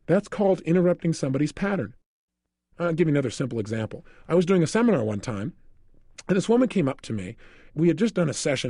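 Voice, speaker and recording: Male self-help lecturer: quick, animated, high-pitched storyteller; close, dry studio sound. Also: no room sound. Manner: energetic storytelling, asks listeners questions. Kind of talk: recorded motivational lecture.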